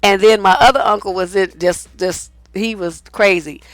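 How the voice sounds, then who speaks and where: A middle-aged woman, a relationship coach, telling a story in a blunt, animated and profane way. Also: medium pitch, moderate pace, dry recording. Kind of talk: casual storytelling monologue.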